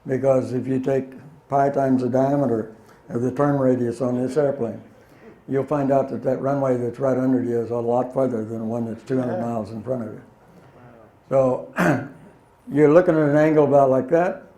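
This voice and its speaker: An older man spins folksy, plainspoken stories for a room of listeners, his voice mellow and warm. He chuckles at his own punchlines, and the sound carries a roomy hall echo. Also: medium pitch, steady tone, moderate pace. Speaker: guest speaker, former pilot. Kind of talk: anecdotal talk to an audience. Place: meeting hall.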